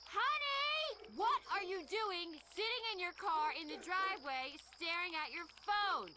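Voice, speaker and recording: A woman playing a shrill, nagging wife in a parody radio ad. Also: animated, unhurried, very noisy. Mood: scolding. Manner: shrill scolding. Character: nagging suburban wife scolding husband. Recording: radio ad with loud music.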